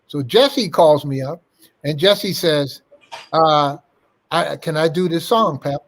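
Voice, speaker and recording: An older man recalling old times in an interview, his voice sitting a bit higher than most men's. He is a lively storyteller who slips into the voices of the people he quotes. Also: slow pace. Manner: animated anecdote-teller, acting out quoted dialogue. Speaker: interview guest.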